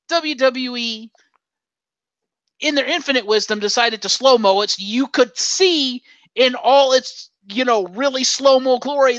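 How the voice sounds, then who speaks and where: A man co-hosting a casual wrestling podcast with a bright, forceful tone. He rants sarcastically and swears freely. The sound is close and dry. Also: extremely high pitch, a little slow, no room sound, highs cut off. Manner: sarcastic, profane ranting. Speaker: podcast co-host.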